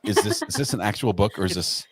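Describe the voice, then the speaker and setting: A man's voice: fairly low pitch, lively intonation, fast talker, fairly bright tone, breathy edge, dry recording. A man chatting as a livestream guest who asks lots of curious questions and often repeats words as he starts. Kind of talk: casual livestream chat.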